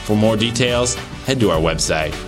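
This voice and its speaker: Low-pitched man as the podcast host, casual with a dry wit, soft music bed behind. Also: moderate pace. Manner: easygoing questions with a dry joking streak. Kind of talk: conversational interview and scripted podcast outro.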